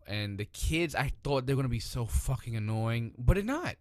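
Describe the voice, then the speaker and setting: A man co-hosting a casual chat about TV shows, animated and swearing, acting out characters as he tells the story. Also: mid-range voice, moderate pace, no echo, studio quality. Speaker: podcast co-host.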